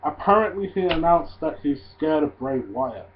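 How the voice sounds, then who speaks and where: A man casually reviewing a wrestling show, swearing freely and ranting in loud disbelief. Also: on the high side, animated, moderate pace, a little hiss or hum. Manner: profane, ranting, gets loud and incredulous. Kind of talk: casual solo review vlog. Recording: tinny phone-like audio.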